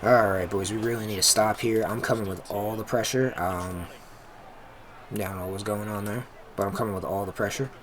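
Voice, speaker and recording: A man giving casual, excitable commentary over his own football video game, talking to the players on screen and swearing when a play goes wrong. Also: fairly low pitch, fairly quick, noisy background. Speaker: gaming commentator. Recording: music playing behind.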